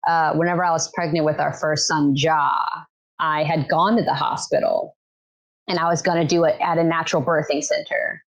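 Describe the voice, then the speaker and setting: A young woman, a birth keeper appearing as a guest on a casual podcast, tells a personal story in a low voice at normal speed. She narrates animatedly and acts out the voices of people she quotes. The recording sounds muffled.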